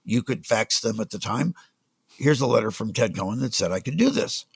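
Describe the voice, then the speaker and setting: An older man, a music business guest on a podcast, telling animated stories and acting out the people he quotes. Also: lowish voice, a little fast, gravelly, breathy edge, dry recording. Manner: animated anecdotes, acts out quoted voices. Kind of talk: storytelling in a casual interview.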